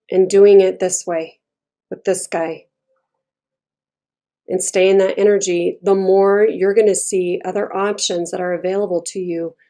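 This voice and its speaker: A woman's voice: mid-range voice, mellow. A woman giving a casual tarot reading, talking bluntly and chattily and swearing freely. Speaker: tarot reader.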